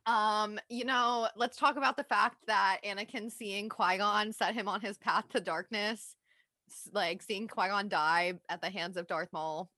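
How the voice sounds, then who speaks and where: A woman's voice: medium pitch, steady tone, unhurried, bright, forceful tone, no room sound. A woman co-hosting a podcast chat, teasing and self-mocking in a dry way. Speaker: podcast co-host. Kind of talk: casual chat.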